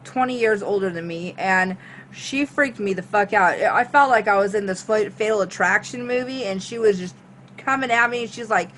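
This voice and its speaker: Woman vlogger, mid-pitched, animated and profane storyteller who acts out her own reactions. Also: normal speed, a little hiss or hum. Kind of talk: storytime monologue.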